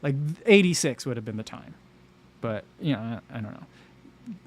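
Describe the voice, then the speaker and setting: An American man hosting a casual livestream, talking in a rambling, animated way with lots of fillers and restarts. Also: medium pitch, normal speed. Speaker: livestream host.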